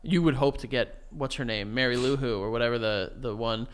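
A man's voice: medium pitch, a little fast, clear, resonant tone. A man in his thirties co-hosting a podcast, telling jokey stories in casual chat. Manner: joking, animated storyteller. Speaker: podcast co-host.

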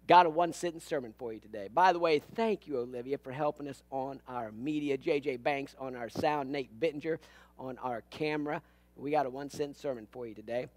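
In a church sanctuary, a man delivers a funny sermon as pastor, with a mid-range voice and a brisk pace. He tells jokes and stories, voicing the quotes of the characters himself.

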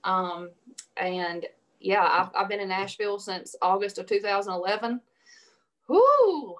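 A young woman from Louisiana with a strong Southern accent, chatting as a guest on a radio interview. She talks in a slow drawl and stretches her words with extra syllables. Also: mid-range voice, flat delivery, fairly bright tone. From Louisiana, USA. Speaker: country singer guest. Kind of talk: casual radio interview chat.

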